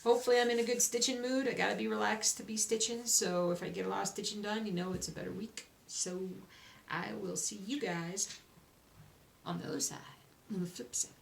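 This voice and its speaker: A woman's voice: mid-range voice, fairly even intonation, brisk, creaky, few pauses. A young woman, chatting casually to camera in a rambling, self-reassuring way about her week, sounding sleepy. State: sleepy, yawning. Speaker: cross stitch vlogger. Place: home. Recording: echoey room, faint noise.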